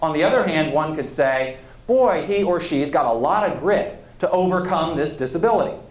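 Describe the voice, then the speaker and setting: A male historian gives a public lecture in a loose, conversational way, drifting into asides and putting questions to the audience. His voice sits fairly high and moves with lively rises and falls. The hall around him is roomy and echoey. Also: moderate pace.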